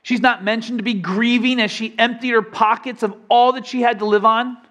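A man's voice: very high voice, fairly even intonation, a little fast, fairly bright tone. A young adult man preaching a sermon in a conversational way, often asking the congregation questions. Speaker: pastor.

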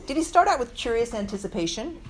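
A woman's voice: a little high, big pitch swings, fast, slight background noise. A woman teaching a women's Bible study, earnest and reflective, acting out the scripture quotes as she goes.

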